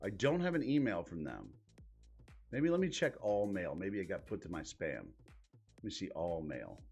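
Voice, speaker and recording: A man's voice: deep voice, big pitch swings, moderate pace, darkish tone, breathy edge, soft background music. A man hosting a live stream in casual commentary, exasperated and swearing, muttering to himself as he searches his screen. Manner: profane, exasperated, thinking aloud while clicking around.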